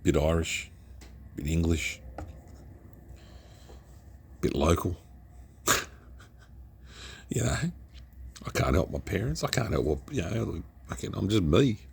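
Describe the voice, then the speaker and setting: Gravelly deep-voiced Australian man. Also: lively intonation, slow, pauses often, darkish tone, a little hiss or hum. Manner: chatty, rambling, trails into whispers. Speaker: beer reviewer. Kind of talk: casual beer review vlog.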